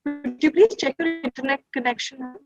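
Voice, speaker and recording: A woman moderating a webinar over a video call, politely asking the speaker to talk louder. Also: sits high, normal speed. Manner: polite, courteous. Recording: dull lo-fi call with faint music.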